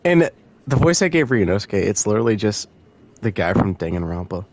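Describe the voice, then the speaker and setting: A man's voice: on the low side, very animated, fairly quick, a little mellow. A man chatting casually while streaming a game, jokey, self-mocking and swearing.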